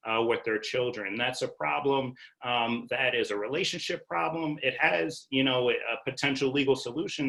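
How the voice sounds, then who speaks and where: A young adult man, an attorney, presenting a webinar in a relaxed, conversational way with many fillers. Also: mid-range voice, creaky, poor audio.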